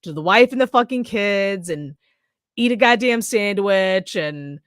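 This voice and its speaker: A woman's voice: mid-range voice, lively intonation, unhurried, clean tone, no echo, clean studio sound. A woman co-hosting a podcast, casually recapping a horror movie in a rambling way, swearing freely and acting out characters' lines. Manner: rambling, swears freely, acts out scenes in quoted voices. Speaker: podcast co-host. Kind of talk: casual movie review chat.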